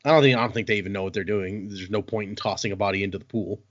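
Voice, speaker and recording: A man's voice: fairly low pitch, rapid-fire. A man hosting a podcast, retelling a book's plot in casual chat and acting out the quotes as he goes. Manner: animated, laughing, acts out quotes. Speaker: podcast host. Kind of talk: casual book-club chat, retelling a story. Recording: dull lo-fi podcast audio.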